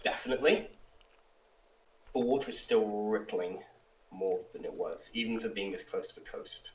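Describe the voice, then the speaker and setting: A man narrating a tabletop game as game master, relaxed, with frequent ums, slowing down for dramatic description. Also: on the low side, far from the mic. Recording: echoey room, off the mic.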